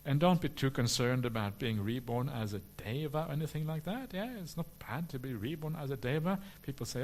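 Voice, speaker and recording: A man, a Buddhist monk, answering questions at a retreat in a relaxed, humorous way with many "uh" fillers. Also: mid-range voice, a little fast, hardly any pauses. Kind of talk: dharma talk question and answer.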